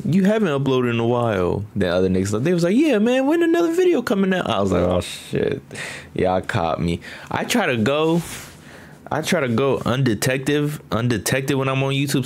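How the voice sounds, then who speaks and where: Chill low-voiced guy rambling on his reaction vid, high, swears a lot, voice jumps all over. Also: a little mellow. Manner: rambling, profane, laid-back, mimics others in high squeaky voices. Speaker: reaction video host. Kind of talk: casual reaction commentary.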